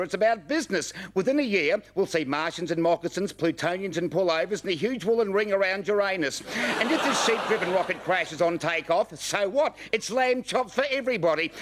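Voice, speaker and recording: A brash, patriotic pundit with a broad Australian accent, ranting in grand, pompous oratory for a comedy sketch. His voice sits fairly high for a man, and a faint hiss lies under it. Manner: bombastic, mock-grand oratory. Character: brash patriotic male opinion commentator. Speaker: comic commentator.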